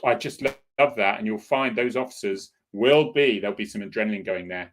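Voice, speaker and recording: A man's voice: on the low side, brisk, few pauses, slight background noise. A middle-aged man, a former police officer, hosting a casual solo chat in a rambling, opinionated way. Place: home in Cornwall.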